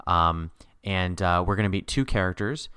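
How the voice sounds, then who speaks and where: A man co-hosting a podcast, chatting about a TV miniseries in an animated way, laughing often with sudden upward jumps in pitch. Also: normal speed, smooth, no room sound, clean studio sound. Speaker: podcast co-host. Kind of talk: casual chat recapping a TV miniseries.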